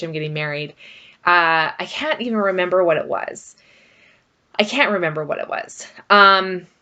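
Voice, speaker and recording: A woman's voice: on the low side, sharp tone. A middle-aged woman vlogger talking casually and rambling about her marriage, with frequent fillers. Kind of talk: casual personal talk to camera.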